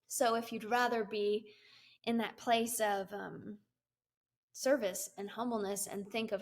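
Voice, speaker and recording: A woman's voice: medium pitch, steady tone, unhurried. Giggly woman telling her story. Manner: giggly, laughs often, lots of fillers. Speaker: guest, business coach and CEO. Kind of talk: conversational storytelling interview.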